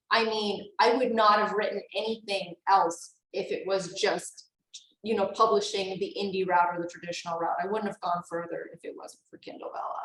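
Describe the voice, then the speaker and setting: An enthusiastic woman in her forties talks about her writing as an interview guest, quick to laugh. Her voice carries a roomy echo. Her pitch sits in the middle of the range. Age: 40s. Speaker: author guest. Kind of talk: casual interview chat.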